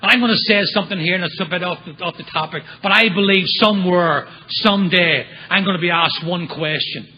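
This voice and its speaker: A man's voice: high voice, a little fast, hardly any pauses, dull audio. A man speaking at a recovery meeting, telling his story with humor and acting out the voices of people in it. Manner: animated storyteller acting out quotes.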